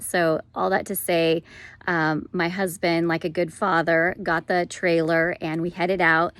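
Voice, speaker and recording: Gentle woman giving a devotional word. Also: lowish voice, flat delivery, a little slow, no room sound. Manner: warm, gentle, conversational, with fillers and soft laughs. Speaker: speaker sharing a prophetic word. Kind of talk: informal devotional talk.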